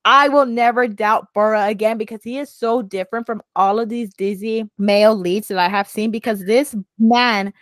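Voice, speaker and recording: A woman's voice: a little high, moderate pace, few pauses, no room sound. A woman co-hosting a casual chat, recapping a TV drama and acting out the characters' lines with energy. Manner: animated, acts out characters' lines while recapping. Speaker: podcast co-host discussing a TV drama.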